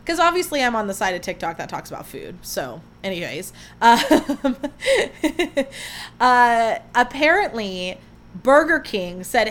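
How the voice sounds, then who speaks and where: A woman's voice: fairly high pitch, unhurried. Chatty young woman podcast host. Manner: chatty, animated, lots of fillers. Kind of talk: casual chat.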